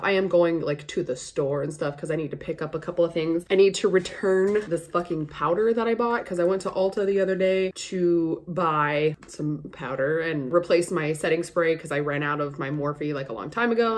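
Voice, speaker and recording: Rambling, foul-mouthed young woman vlogger. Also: lowish voice. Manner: casual, swears freely, rambling. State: a little sick. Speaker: beauty vlogger. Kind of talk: chatty get-ready-with-me makeup talk.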